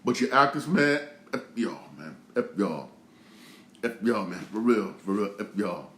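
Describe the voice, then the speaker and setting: A man's voice: fairly low pitch, very animated, a little slow, a bit bright, a little hiss or hum. Male host in his 30s, fired-up casual rant full of repeats; echoey room. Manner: repetitive, heated, slangy, many restarts. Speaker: show host.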